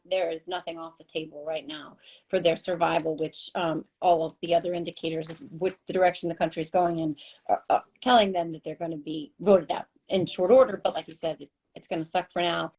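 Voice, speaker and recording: A woman's voice: lowish voice, steady tone, a little fast, darkish tone, slightly rough, rough recording. A woman co-hosting a podcast, speaking in an effusive, emotional way with frequent restarts. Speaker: podcast co-host. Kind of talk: casual chat.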